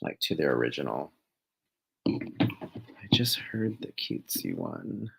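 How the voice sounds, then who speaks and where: A man with a very low, gravelly voice co-hosts a relaxed live stream. His pitch swings widely as he chats. He keeps telling his partner what to do next and laughs easily. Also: takes it slowly, poor audio. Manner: directs the other host step by step, laughs easily. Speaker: co-host. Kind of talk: casual live-stream chat.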